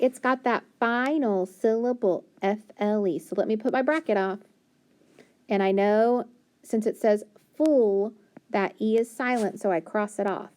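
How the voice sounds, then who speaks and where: A woman teaching a phonics lesson, sounding out letters slowly and clearly and praising often. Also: mid-range voice, warm tone.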